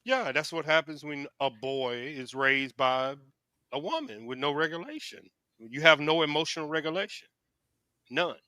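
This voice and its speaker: A man's voice: on the high side, lively intonation, normal speed, pushed and bright, no echo. A man in casual chat, assertive and preachy as he gives his views.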